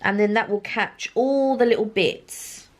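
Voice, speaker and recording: A woman's voice: mid-range voice, measured pace. Chatty woman at home. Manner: chatty, eating while talking. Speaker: vlog co-host. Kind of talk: casual chat at home. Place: home dining room.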